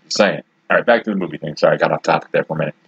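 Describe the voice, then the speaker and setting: A man's voice: extremely low pitch, racing, creaky, husky, no room sound, highs cut off. A man in his forties from Detroit, hosting his own podcast and rambling bluntly through his opinions with lots of asides, a bit hiccupy. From Detroit, USA. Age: 40s. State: has the hiccups. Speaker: podcast host. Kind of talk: casual solo commentary.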